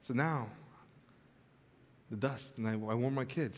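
A man preaching a sermon as pastor, telling a funny home story, then turning soft and earnest. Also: mid-range voice, a little slow, long reverb tail. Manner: storytelling with humor, swings from animated to soft and earnest. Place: church sanctuary.

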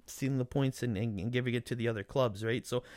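A man hosting a football vlog, recapping matches in a casual, animated way, swearing freely as he rants. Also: mid-range voice, fast talker, no echo, clean studio sound.

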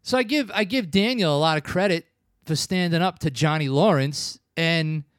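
A man's voice: a little high, normal speed, clear, resonant tone, no echo, studio quality. Rambling man reviewing a movie. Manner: rambling, animated, acts out scenes in voices. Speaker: podcast co-host. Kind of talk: casual movie-review chat.

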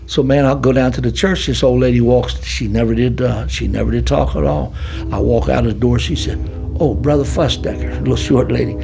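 An older man with a Southern US city accent, telling his life story as a podcast guest in a preacherly, animated way. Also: medium pitch, a little fast, vocal fry, faint music behind. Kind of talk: storytelling testimony.

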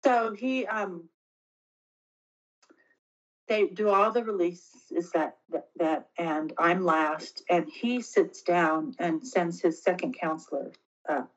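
A middle-aged woman appears as an interview guest, telling a personal story earnestly but haltingly and often restarting sentences. Her voice is lowish, and the audio sounds dull.

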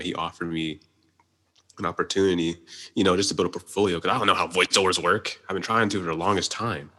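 Podcast guest: a very low-voiced man from the Pittsburgh area, quick casual delivery that blurs words together. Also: fairly even intonation, sharp tone, slightly rough. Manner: talks fast, runs words together. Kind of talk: casual chat.

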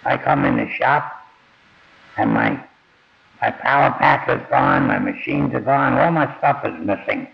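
A man's voice: medium pitch, sing-song, a little slow. An older man telling his own life story in a plain-spoken, blunt way, swearing casually. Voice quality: gravelly. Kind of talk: first-person memoir storytelling. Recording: dull lo-fi audio.

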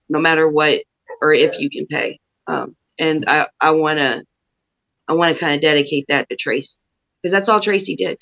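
A woman's voice: deep voice, a bit bright, highs cut off. A woman pro wrestler, a podcast guest, speaking in an earnest, reflective way in casual interview talk.

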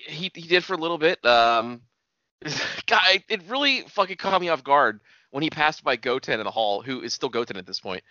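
Man, bright voice, lively pitch, casual swearing chat, dull lo-fi sound. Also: normal speed, no room sound. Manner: loose, laughing, swears freely, retells scenes.

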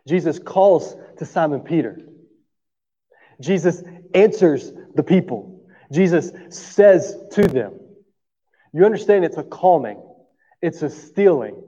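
A man preaching in a church with a fairly high, mellow voice. He keeps it conversational and keeps asking "right?" to check on the room, with a cough here and there. The sound is dull and carries a long hall reverb. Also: animated, unhurried. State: coughing through the talk. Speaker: pastor. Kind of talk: sermon. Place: church sanctuary.

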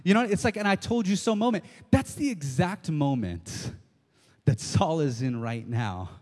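Male preacher, lively storytelling sermon, repeats points for emphasis, long hall reverb. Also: a little high, measured pace. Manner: animated storytelling, acts out quotes, repeats key lines.

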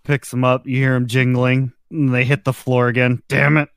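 A man narrating as game master for a tabletop game, relaxed and chuckling, with many pauses and ums. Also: mid-range voice, smooth, dry recording.

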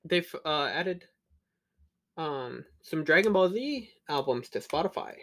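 A man's voice: a little high, lively intonation, unhurried, a bit bright. A young man co-hosting a podcast, chatting casually with slang and swearing, laughing at his own stories. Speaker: podcast co-host. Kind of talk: casual chat.

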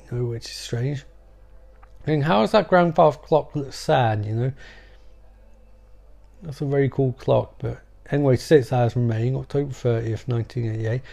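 A man giving an excitable, profane, rambling comedic recap of a film. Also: mid-range voice, vocal fry. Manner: excitable, sweary, rambling asides. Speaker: movie recap commentator.

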